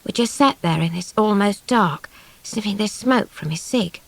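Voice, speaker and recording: A woman's voice: mid-range voice, animated, moderate pace, vocal fry, breathy edge, no echo. Woman reading a storybook. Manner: chatty, girlish first-person telling. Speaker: audiobook reader. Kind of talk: storybook narration.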